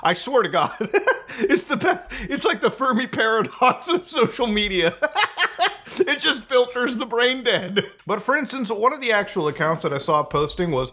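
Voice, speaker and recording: A man's voice: sits high, very animated, normal speed, sharp tone. A man hosting a casual commentary, sarcastic and often breaking into laughter. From North America. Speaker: commentary host.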